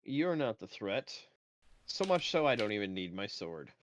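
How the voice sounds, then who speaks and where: A man's voice: on the low side, sing-song, moderate pace, a little hiss or hum. A man playing a tabletop game, chatting in a rambling, offhand way. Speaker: player. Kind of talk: casual tabletop game chat. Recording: dull lo-fi dry mic.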